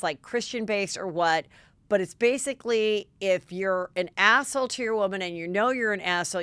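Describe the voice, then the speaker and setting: A middle-aged woman hosting a podcast, telling gossipy stories in a lively, chatty way. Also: mid-range voice, smooth, no room sound. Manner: gossipy, animated, quick asides. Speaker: podcast host. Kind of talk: casual chat.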